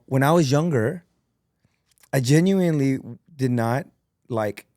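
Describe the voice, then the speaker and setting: A man who is a podcast guest and entrepreneur, telling stories in an earnest, animated and emotional way. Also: medium pitch, no room sound, clean studio sound. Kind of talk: emotional, candid conversation.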